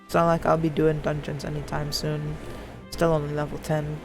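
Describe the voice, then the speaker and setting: A casual, rambling streamer with a gravelly, creaky voice at an ordinary pitch. They talk loosely over steady game music, often doubling back to correct themselves. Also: normal speed, poor audio. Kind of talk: casual chat while gaming.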